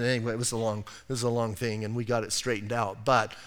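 A man's voice: medium pitch, flat delivery, quick pace, hardly any pauses, fairly bright tone, smooth. A man preaching a sermon as pastor, in a conversational, folksy way with casual asides. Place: church sanctuary. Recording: long reverb of a church hall.

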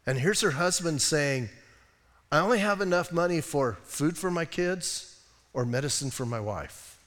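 A male American pastor preaches with a high, bright voice that rings through a church with a long reverb tail. He swings between quiet, heavy passages and loud, emphatic bursts. The delivery is lively and conversational. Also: a little slow. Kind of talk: sermon. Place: church sanctuary.

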